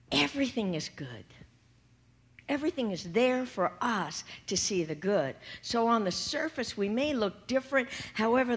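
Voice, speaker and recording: A woman minister preaching a sermon, talking softly and slowly and sometimes dropping to a whisper. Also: mid-range voice. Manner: soft and slow, dropping to whispers.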